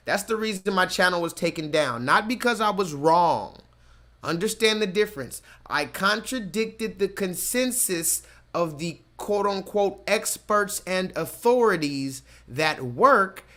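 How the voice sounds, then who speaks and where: A man hosting a livestream, ranting casually and reading chat comments, cursing freely and slowing down to hammer his points home. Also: on the high side, fairly bright tone. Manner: profane, emphatic, slows down to stress points.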